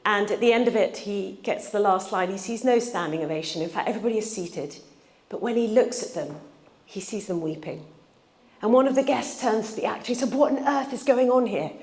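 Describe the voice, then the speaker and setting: A woman preaching a sermon in a church, telling stories in an earnest way and slowing down to read scripture. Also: mid-range voice, lively intonation, darkish tone. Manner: earnest, storytelling, slows for scripture reading. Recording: echoey church room.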